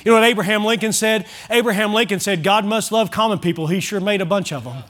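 A man preaching a sermon as pastor, driving points home with shouted emphasis and rhetorical questions. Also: high-pitched, quick pace.

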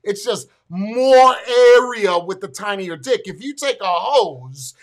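A man ranting through a casual, profane story, excitable and full of stumbling restarts. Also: high voice, slow. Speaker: military veteran telling a story.

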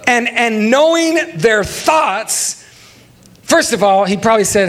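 A young man, a pastor, preaching a lively sermon with jokes and calls for the congregation to join in. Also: high voice, slow, pauses often, a faint crowd. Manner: lively, joking, talks with the congregation.

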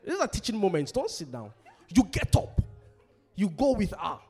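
A husky-voiced middle-aged preacher from Africa delivers a sermon with a very lively, swooping pitch. He hammers home his points by repeating them and asks questions for the listeners to answer. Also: normal speed. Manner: emphatic, repeats key phrases, asks questions for the congregation to answer. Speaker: pastor. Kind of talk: sermon on relationships.

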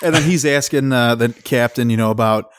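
A man's voice: medium pitch, fairly quick, no echo, clean studio sound. A man co-hosting a podcast, chatting casually about a film in a laid-back way. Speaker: podcast co-host. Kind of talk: casual chat recapping a film.

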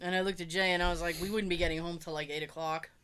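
A woman's voice: lowish voice, steady tone, very fast, a bit bright, smooth. A woman co-hosting a podcast, telling everyday stories in casual chat, with an occasional cough. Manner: chatty storyteller, acts out quoted voices. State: coughing now and then. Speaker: podcast co-host.

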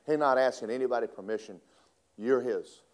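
A man preaching a sermon, swinging between loud emphatic lines and hushed asides. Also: medium pitch, fairly quick.

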